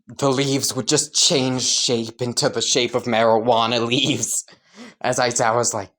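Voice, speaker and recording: Very low-voiced woman, rambling storyteller. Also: steady tone, unhurried, fairly bright tone. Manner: rambling, laughing and swearing freely. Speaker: fan-story narrator. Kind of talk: casual storytelling.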